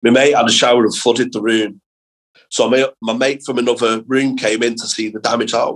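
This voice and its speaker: A young man with a husky, slightly breathy voice tells school stories as a comedian guest on a chat podcast. His delivery is animated and loose, peppered with swearing, and sits at an ordinary middle pitch. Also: a little fast, rough recording. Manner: animated anecdotes, lots of swearing. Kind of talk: casual storytelling chat.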